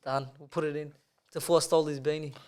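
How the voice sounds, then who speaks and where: A man's voice: on the high side, little pitch movement, fast talker, darkish tone, clear, resonant tone. A young man, co-hosting a podcast and telling rambling, sweary stories, laughing as he goes. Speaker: podcast co-host. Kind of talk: casual chat, storytelling.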